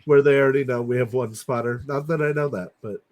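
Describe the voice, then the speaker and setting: A man's voice: medium pitch, fast talker. A man playing a tabletop game, speaking casually and hesitantly, often restarting. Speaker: player. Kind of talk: tabletop role-play chat.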